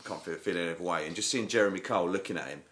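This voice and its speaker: Brief: man, very low voice, dry sardonic storyteller, podcast co-host. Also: racing, fairly bright tone. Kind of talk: casual chat.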